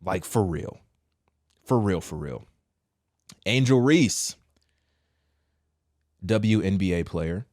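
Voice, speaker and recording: A man with a lowish voice delivers an opinion commentary straight to the listener, slangy and blunt. He jumps from loud, high-pitched outbursts down to quiet muttered asides. The sound is close and dry, with no room around it. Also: slow, pauses often, dry recording. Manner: animated, swings between loud outbursts and low quiet asides; casual slangy address, says bro. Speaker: commentary host.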